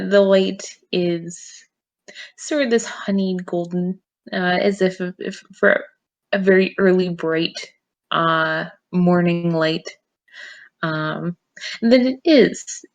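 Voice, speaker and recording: A woman narrating a tabletop role-play scene in a halting way, with many pauses and fillers. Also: lowish voice, dull audio. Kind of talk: slow, hesitant collaborative narration.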